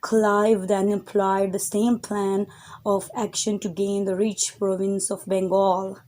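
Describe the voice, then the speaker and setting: A woman's voice: mid-range voice, little pitch movement, takes it slowly, dark tone. A woman teacher reading a textbook chapter aloud and stopping to explain words to her students. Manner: reads text aloud, then explains words; addresses her students directly.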